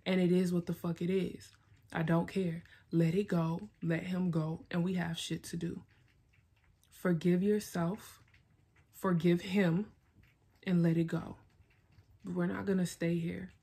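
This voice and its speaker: Husky low-voiced woman giving a pep talk. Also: little pitch movement, unhurried, mellow. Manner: blunt, emphatic, swearing, repeats itself. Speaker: vlogger. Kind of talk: self-directed pep talk.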